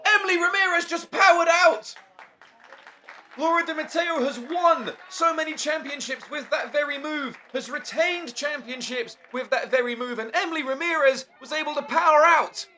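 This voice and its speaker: A man calling a wrestling match play by play, excitable and shouting at the big moves. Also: very high-pitched, slight background noise. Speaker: wrestling commentator. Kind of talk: play-by-play commentary.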